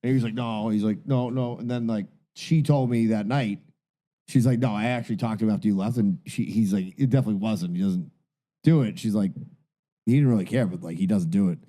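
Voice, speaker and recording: A man's voice: fairly low pitch, fairly quick, warm tone. A man from New England, co-hosting a podcast and telling a wry anecdote. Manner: wry anecdote with quoted exchanges. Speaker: podcast co-host. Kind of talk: casual chat.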